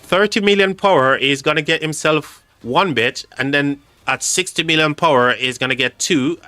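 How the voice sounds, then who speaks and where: A man's voice: a little high, normal speed, pushed and bright, clean tone, no room sound, soft background music. A man hosting a casual livestream, reading chat aloud and laughing often. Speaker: livestream host.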